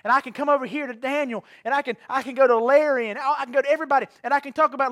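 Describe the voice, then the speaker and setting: Man, pastor, very high voice, dry close sound, earnest, repeats himself, questions the congregation. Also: quick pace, a bit bright, no room sound. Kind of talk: evening sermon. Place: church sanctuary.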